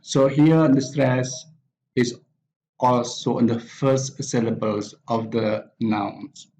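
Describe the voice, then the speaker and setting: A man teaching an English pronunciation lesson, reading out example words one by one with pauses between them. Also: medium pitch, steady tone, darkish tone, slight background noise, poor audio. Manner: deliberate, pausing after each example word. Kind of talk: slow spoken lesson reading word lists.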